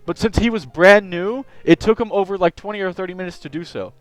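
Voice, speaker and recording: A young man chatting on a live stream, telling an animated, rambling story. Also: sits high, brisk, faint music behind, rough recording. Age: young adult. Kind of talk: casual live-stream chat.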